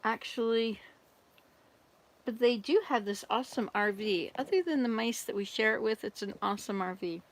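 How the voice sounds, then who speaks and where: An older woman chats on a livestream from an RV, telling jokes and answering viewers as she goes. Her talk is loose and rambling, and her voice sits a little high. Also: moderate pace. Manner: chatty, rambling, tells jokes and talks to viewers. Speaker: volunteer service missionary. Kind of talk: casual livestream chat. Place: RV at a summer camp.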